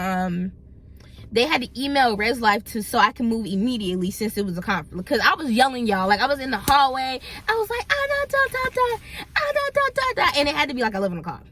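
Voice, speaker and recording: A young woman, telling viewers a storytime in an animated, chatty way. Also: a little high, fast. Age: young adult. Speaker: vlogger. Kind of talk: storytime vlog.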